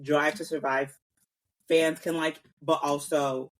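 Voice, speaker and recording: A woman's voice: low voice, level tone, slow pace. Rambling woman podcast co-host. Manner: rambling, many fillers and restarts. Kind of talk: casual chat.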